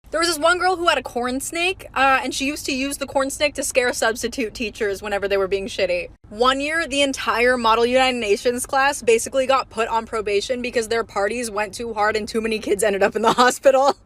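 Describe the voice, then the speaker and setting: A woman's voice: fairly high pitch, a little fast, fairly bright tone. A young woman telling school stories bluntly and casually, swearing freely. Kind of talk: casual storytime.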